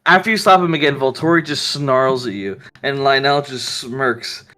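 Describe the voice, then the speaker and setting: Brief: male game master, casual narration, mid-pitched voice. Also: normal speed, pushed and bright, soft background music.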